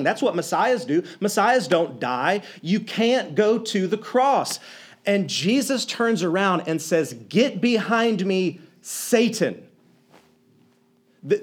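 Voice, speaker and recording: A man preaching a sermon, retelling scenes with animated storytelling and acting out the quoted lines. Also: high voice.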